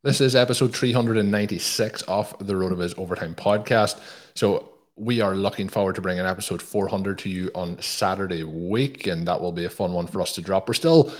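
A man hosts a podcast in a relaxed, chatty way, dropping fillers as he plugs the show and welcomes guests. His voice sits low for a man. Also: a little fast. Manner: chatty, promotional, frequent fillers. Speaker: podcast host. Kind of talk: casual podcast chat.

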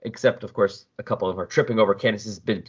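A man's voice: fairly low pitch, fairly even intonation, fast talker, husky, muffled recording. A man co-hosting a casual chat, animatedly recapping a comic story and acting out the characters.

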